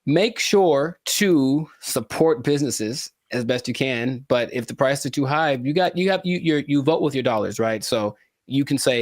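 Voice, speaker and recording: A man co-hosting a podcast in a loose, jokey way, slipping into playful theatrical asides. His voice sits at a middle pitch. It is recorded close and dry, with almost no room sound. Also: lively intonation, normal speed, dry recording. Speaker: podcast co-host. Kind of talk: casual podcast chat.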